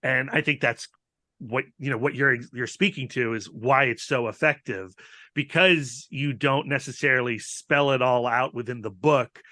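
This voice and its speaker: A man's voice: medium pitch, steady tone, moderate pace, bright, forceful tone, dry recording, clean studio sound. A man co-hosting a podcast over a video call, musing in a reflective, rambling way with frequent restarts. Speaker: podcast co-host. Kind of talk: casual podcast discussion.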